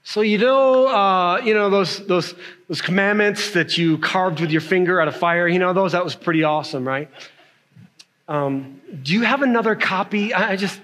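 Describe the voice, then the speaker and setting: A man's voice: high voice, normal speed, a bit bright. Moses, a man doing a sheepish apologetic voice. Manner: hesitant, stammering, sheepish. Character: sheepish adult male Moses, awkwardly apologetic.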